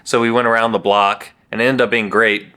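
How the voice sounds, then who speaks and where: Bright-voiced young man chatting casually. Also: fairly low pitch, flat delivery, brisk, clean tone. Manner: playful, jokey, does silly voices. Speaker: vlog co-host. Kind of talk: casual chat. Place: New York City.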